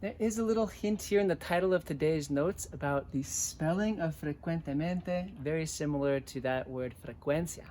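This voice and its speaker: A man teaching a language lesson, repeating each word slowly and clearly so listeners can type it. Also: on the high side, darkish tone, slight background noise. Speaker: Spanish teacher. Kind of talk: slow dictation-style language lesson.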